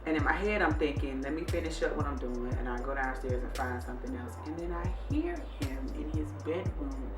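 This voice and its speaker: A woman's voice: deep voice, fairly quick, hardly any pauses. A woman hosting a casual vlog, telling viewers a story and acting out how she scolded her son. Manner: animated, scolding retelling. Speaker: vlog host. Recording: echoey room, distant mic, faint music.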